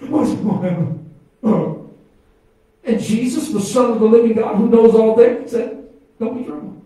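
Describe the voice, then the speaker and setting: A pastor preaching a sermon, calling out to the congregation and swinging from quiet asides to loud exclamations. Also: male voice, high voice, unhurried. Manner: preaching with call-and-response to the congregation. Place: church sanctuary. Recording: echoey church from far off.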